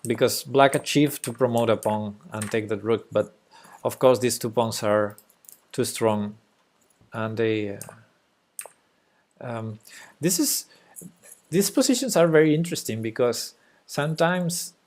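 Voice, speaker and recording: A young man, natively Spanish-speaking and with a Spanish accent, commentates chess casually on a live stream, hesitant with fillers and soft laughs. His medium-pitched delivery is unhurried, with long pauses.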